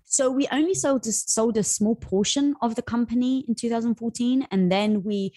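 A breathy woman in her thirties, recorded close and dry, recounting an early business setback. She talks in animated runs, speeding up and leaping high when the story gets exciting. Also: dry recording. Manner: animated, rushes through exciting parts. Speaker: company co-founder, guest. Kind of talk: storytelling interview answer.

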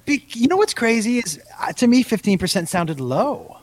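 A man's voice: extremely high pitch, big pitch swings, moderate pace. A man co-hosting a podcast in casual chat, rambling and often breaking into laughter. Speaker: podcast co-host.

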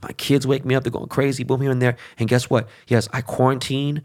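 A man's voice: mid-range voice, flat delivery, fairly quick, a little mellow. A middle-aged man hosting a show, ranting in a heated, profane casual monologue full of fillers and restarts. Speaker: show host.

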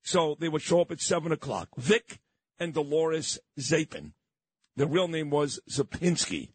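A man's voice: fairly high pitch, animated, unhurried, slightly rough, no room sound. A man, a radio host reminiscing in a sentimental, rambling way. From Brooklyn, New York. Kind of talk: reminiscing on-air chat.

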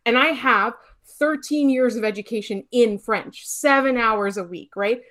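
A woman from Montreal, talking in a casual, opinionated way with lots of fillers and quick restarts. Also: fairly high pitch. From Montreal, Quebec. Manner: animated, many fillers, rapid restarts.

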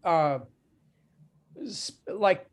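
High-voiced halting male host. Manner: halting, many restarts and fillers. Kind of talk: casual interview chat. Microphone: video call.

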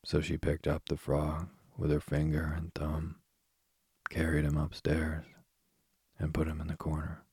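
Man reading a bedtime story, soothing, gravelly, dry close mic. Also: rumbling low, monotone, dry recording. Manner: slow, soft-spoken, soothing.

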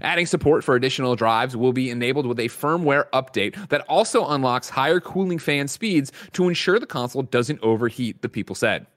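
A man hosting a gaming news show talks in a lively, animated way. He jokes with his co-host and reads news stories aloud. His voice sits at a middle pitch. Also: brisk, few pauses. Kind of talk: casual gaming news chat.

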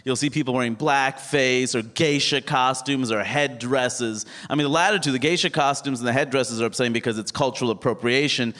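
A man's voice: mid-range voice, brisk, hardly any pauses. Man doing stand-up in a reverberant hall. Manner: animated storytelling, mimics other people. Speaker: stand-up comedian. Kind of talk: stand-up comedy set. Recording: live hall with reverb, faint noise.

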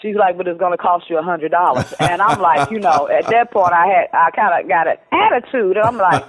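A middle-aged woman telling her own story in casual talk, lively and acting out what people said, with plenty of "you know" and "um". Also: lowish voice, brisk. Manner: lively, acts out quoted dialogue, many fillers. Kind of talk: casual storytelling over the phone. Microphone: telephone. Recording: tinny phone line.

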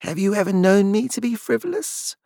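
A man's voice: high voice, lively intonation, moderate pace, gravelly, a little mellow, no echo, clean studio sound, voice pushed up. A man voicing a composed, cold-spoken woman in an audiobook, level and commanding.

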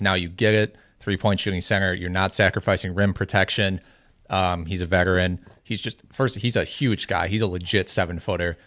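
Low-voiced man talking fantasy basketball. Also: fairly bright tone, no echo, studio quality. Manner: measured, hesitant with many fillers. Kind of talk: casual podcast discussion.

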